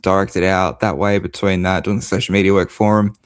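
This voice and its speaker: A man's voice: low-pitched, flat delivery, brisk, clear, resonant tone. An Australian man chatting about football as a panel guest on a video call, easygoing and teasing. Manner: easygoing, teasing, self-deprecating. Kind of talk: casual football chat.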